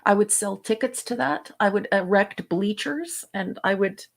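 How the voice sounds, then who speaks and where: A woman's voice: mid-range voice, moderate pace, gravelly. Chatty woman cohosting a show, super enthusiastic, lots of ums, medium voice. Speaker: co-host. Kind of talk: casual chat.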